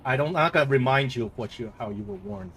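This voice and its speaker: A male game master narrating a tabletop game with frequent restarts and fillers. His voice sits at a middle pitch, with a faint hiss behind it. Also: expressive, gravelly, a bit bright. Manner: halting, many fillers and restarts, laughs easily.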